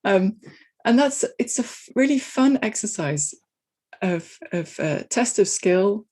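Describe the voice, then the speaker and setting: Husky-voiced woman, thoughtful coach. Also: medium pitch, expressive, slow pace, a little mellow. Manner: thoughtful, talks in restarts and hedges. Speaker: guest, technical agile coach. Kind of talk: casual interview conversation.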